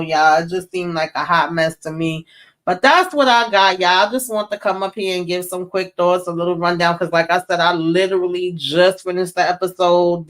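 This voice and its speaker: Exasperated woman ranting to her viewers. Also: on the low side. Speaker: TV recap show host. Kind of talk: casual live recap commentary.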